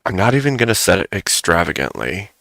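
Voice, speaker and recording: A man's voice: low-pitched, sing-song, fairly quick, pushed and bright, no room sound. A man hosting a live stream, chatting casually and joking with much laughter.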